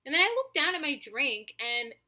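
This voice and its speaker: Bright-voiced young woman vlogging. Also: high voice, moderate pace. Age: 20s. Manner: animated, profane, chatty with many fillers. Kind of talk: casual storytelling to camera.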